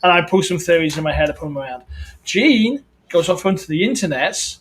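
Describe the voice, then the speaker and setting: Man, podcast co-host, casual chat, rambling, stumbling restarts, slightly high voice. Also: expressive, a little fast, a bit bright, low-quality recording.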